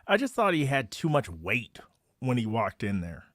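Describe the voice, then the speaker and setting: A man co-hosting a podcast, recapping a TV episode in a relaxed chat and laughing easily. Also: mid-range voice, normal speed, no echo, clean studio sound. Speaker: podcast co-host. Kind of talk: casual episode review chat.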